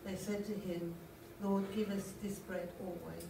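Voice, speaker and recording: A woman's voice: mid-range voice, flat delivery, a little slow, creaky, background noise. A woman from the audience reading scripture aloud carefully. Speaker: reader in the audience. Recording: echoey church from far off.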